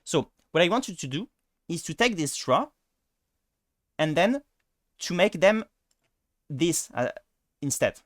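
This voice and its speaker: A man's voice: on the high side, sing-song, takes it slowly, pauses often, no echo, clean studio sound. A man with a French accent and French as his first language, giving a casual pronunciation lesson with many fillers and restarts. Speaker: language teacher.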